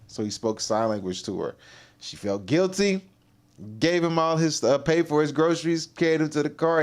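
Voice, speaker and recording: A man's voice: mid-range voice, a little mellow. A man hosting a casual livestream, reacting to clips in a laid-back, rambling way and giving motivational advice. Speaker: livestream host.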